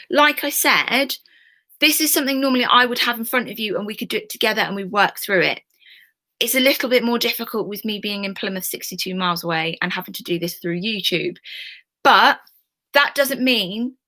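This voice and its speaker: A young woman teaching history in a recorded remote lesson, talking to her pupils in a warm, reassuring, chatty way with fillers. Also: medium pitch.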